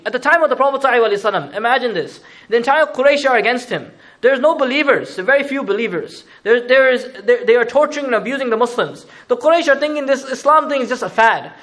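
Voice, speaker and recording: A man gives a sermon in a high, quick voice. He moves from recited verses to loose, chatty explanation and throws in slangy asides along the way. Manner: conversational, mixes Arabic recitation with English explanation; animated, uses asides and slang. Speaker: Islamic preacher.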